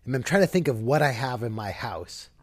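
A male podcast co-host with a wry, teasing way of chatting. His pitch moves around a lot as he talks. The sound is dry and close, with no room echo. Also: animated, brisk. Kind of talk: casual chat.

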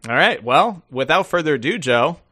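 A man's voice: a little high, expressive, normal speed, sharp tone, slightly rough, dry recording, clean studio sound. A man co-hosting a casual podcast, joking and swearing freely as he talks. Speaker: podcast co-host. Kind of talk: casual chat.

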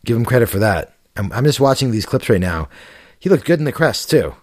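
A man's voice: mid-range voice, big pitch swings, a little fast, dry recording, clean studio sound. A man co-hosting a podcast over a remote call, talking in an easygoing, hesitant way with lots of fillers. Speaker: podcast co-host. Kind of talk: casual chat.

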